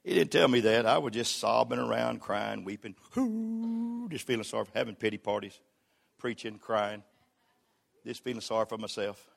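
Preaching with a gravelly, lowish voice and a brisk delivery, this older pastor is folksy and funny. His sermon shifts from shouting exhortations to telling stories quietly.

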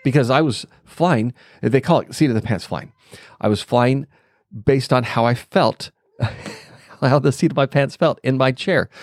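A middle-aged man with a somewhat low voice hosts his podcast, telling a personal story as he thinks aloud. He pauses on fillers and lets out small chuckles along the way. The sound is dry and close, with no room around it. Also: darkish tone, no room sound. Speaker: podcast host. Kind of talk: reflective storytelling monologue.

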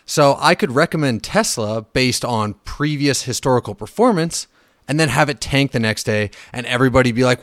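A man's voice: medium pitch, normal speed, no echo, clean studio sound. A man hosting a casual solo finance podcast, blunt and profane, ranting with fillers and restarts. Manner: animated when riled, with fillers and restarts. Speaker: podcast host.

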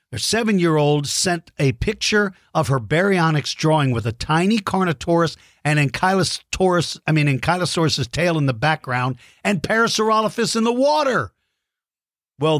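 Man, kids' podcast host, enthusiastic, exclamatory, lively pitch, slightly high voice. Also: no room sound, clean studio sound. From Texas. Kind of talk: kids' podcast shout-outs.

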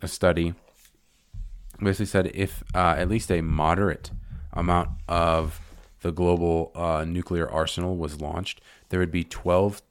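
A man's voice: deep voice, flat delivery, a little slow, clean tone, dry recording. An American man hosting a podcast, casually reading facts aloud with lots of fillers and restarts. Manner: rambling, reads facts with fillers. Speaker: podcast host.

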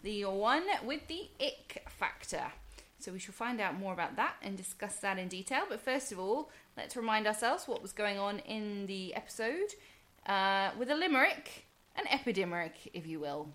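A woman's voice: mid-range voice, expressive, moderate pace, a bit bright. A woman with a Southern English accent co-hosting a podcast in chatty, casual talk. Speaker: podcast co-host. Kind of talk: casual chat.

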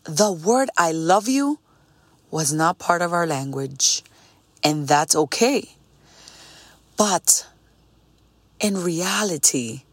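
A woman in her late thirties hosting a podcast. She tells a personal story in an energetic, heartfelt, reflective way, slowing down and pausing on key words. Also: fairly low pitch, dry recording. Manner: pauses and slows on key words. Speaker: podcast host.

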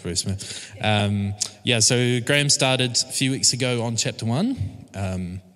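A man's voice: mid-range voice, creaky, fairly bright tone. A man from a church team giving an informal sermon, casual and hesitant, full of fillers and restarts. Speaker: church team member preaching. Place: church service room. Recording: long reverb of a church hall.

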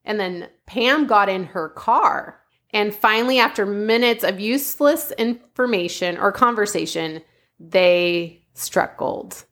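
A woman's voice: medium pitch, takes it slowly, fairly bright tone. Chatty woman telling a true-crime story. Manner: chatty, laughs often, "like" fillers. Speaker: podcast host.

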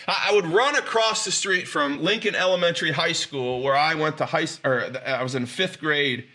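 A man's voice: on the high side, moderate pace, sharp tone. A man telling stories in an inspirational speech, emphatic and drawing out key phrases, with frequent restarts. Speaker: motivational speaker.

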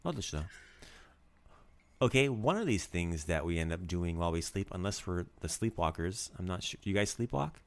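A man's voice: low-pitched, expressive, normal speed. A man hosting a casual language lesson, joking and coaching pronunciation. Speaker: language teacher host.

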